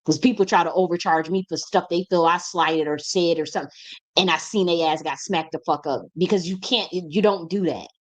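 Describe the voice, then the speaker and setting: A woman's voice: fairly low pitch, brisk. Blunt, profane woman preaching with fire. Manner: emphatic, repeats phrases for stress. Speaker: spiritual teacher. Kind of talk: impassioned monologue.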